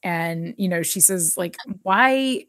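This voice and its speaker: A woman's voice: fairly low pitch, normal speed, dry recording. Chatty woman podcast host, dry sound. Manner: chatty, many fillers, reads an article aloud. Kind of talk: casual chat recapping a TV episode.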